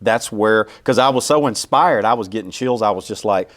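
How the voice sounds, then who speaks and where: A man with a Southern accent and a fairly low voice, talking as a guest in a casual interview. He stumbles and repeats words as he goes, and his tone stays humble and thankful. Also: normal speed. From Louisiana, United States. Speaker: orchestra CEO, interview guest.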